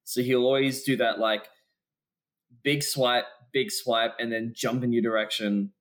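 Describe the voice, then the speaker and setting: A man in casual chat, calmly explaining a game strategy. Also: medium pitch, a little slow. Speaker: podcast co-host. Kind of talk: casual chat about video games.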